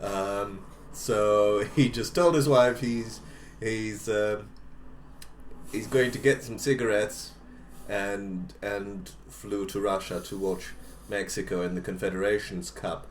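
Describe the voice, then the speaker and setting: A man's voice: on the low side, slight background noise. A man co-hosting a podcast, telling a long comic story in a rambling way with fillers and jokey asides. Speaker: podcast co-host. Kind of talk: casual comedic storytelling. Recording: roomy echo.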